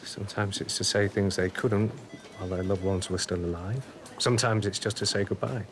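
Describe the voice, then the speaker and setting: A man playing a weary, halting medium. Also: lowish voice, fairly even intonation, soft background music, natural voice. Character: weary male medium doubting himself. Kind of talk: TV drama acting.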